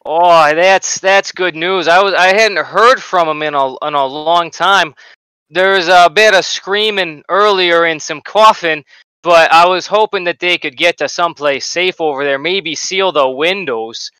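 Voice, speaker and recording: A man's voice: a little high, unhurried, sharp tone, smooth, no room sound, voice pushed up, poor audio. A man voicing a nervous, folksy farmer hiding in his basement, polite and rambling. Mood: relieved.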